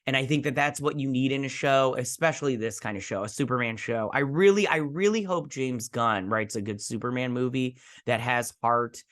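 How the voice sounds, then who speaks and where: Man, middle pitch, casual recap, animated retelling, frequent fillers and restarts. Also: moderate pace, hardly any pauses. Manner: animated retelling, acting out characters' lines; rambling, many fillers and restarts. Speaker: show reviewer. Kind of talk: casual episode recap and review.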